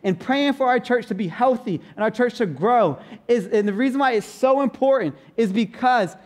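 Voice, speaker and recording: High-voiced man preaching a sermon. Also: lively intonation. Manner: playful, emphatic preaching with slow, stressed repetitions. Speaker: pastor. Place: church sanctuary.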